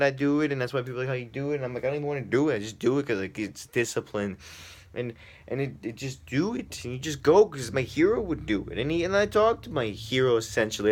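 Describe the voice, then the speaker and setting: Young guy rambling about self-improvement, earnest, keeps repeating words, average pitch. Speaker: podcast host. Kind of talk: motivational monologue.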